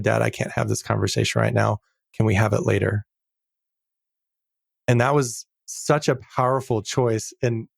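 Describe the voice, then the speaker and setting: A middle-aged man talking as a podcast guest in a casual interview, earnest and reflective, slowing down to stress key words. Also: medium pitch, no room sound, clean studio sound.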